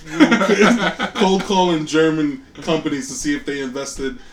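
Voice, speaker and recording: A man co-hosting a podcast, telling a job story in relaxed casual chat with laughs. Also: on the high side, unhurried, echoey room, distant mic, a crowd in the background. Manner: laid-back storytelling, laughs. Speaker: podcast co-host.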